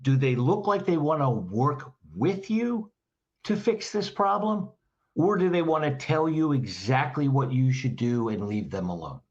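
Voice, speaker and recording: A man's voice: mid-range voice, animated, measured pace, a little mellow, dull audio. A man, a trainer and podcast guest, explaining behavior in a direct, instructive way and firing off rhetorical questions.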